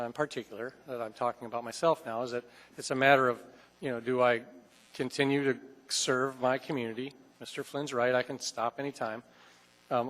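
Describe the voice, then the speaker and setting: A man's voice: medium pitch, a bit bright. A man who serves on a city assembly, arguing his point at length in a public meeting over a desk microphone. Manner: argumentative, long-winded. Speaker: assembly member. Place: council chamber. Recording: reverberant council chamber.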